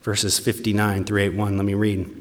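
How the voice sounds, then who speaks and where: A man preaching a sermon with earnest conviction, dropping to hushed tones and then rising to emphatic, raised passages. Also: fairly low pitch, completely flat delivery, moderate pace. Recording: long reverb from a large hall.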